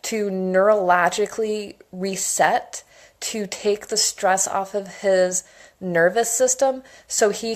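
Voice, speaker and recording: Woman, 30s, chatty and excitable, casual monologue, rambling stories. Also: mid-range voice. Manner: chatty and enthusiastic, rambling storytelling. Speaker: essential oils educator.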